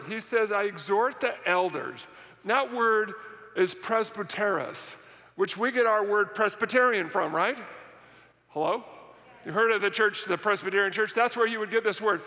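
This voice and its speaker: A man's voice: high voice, bright, forceful tone, in a large hall. A man preaching a sermon as pastor in a church worship center, emphatic and repetitive, often asking the audience questions.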